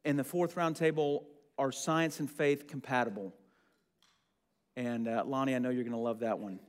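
A man's voice: medium pitch, steady tone, moderate pace. A young man leading a church discussion group, chatty and friendly with lots of ums. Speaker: church roundtable leader. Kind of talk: casual teaching to a group. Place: meeting room with a group. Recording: long room reverb.

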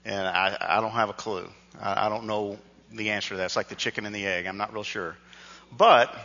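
A man's voice: lowish voice, sharp tone. A male pastor telling a funny personal story in a sermon, acting out the dialogue with self-mocking humor. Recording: dull recording with long hall reverb.

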